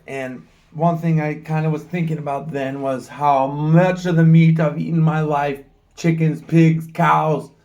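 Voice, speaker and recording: A man in his forties from the United States, talking frankly to his own camera in a rambling vlog and swearing freely. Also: fairly high pitch. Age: 40s. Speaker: travel vlogger. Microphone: camera mic, filming himself.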